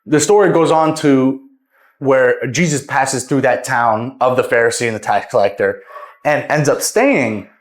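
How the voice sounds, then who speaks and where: A man's voice: mid-range voice, reverberant. A young man casually retelling a Bible parable, rambling and repeating words as he goes. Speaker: vlogger.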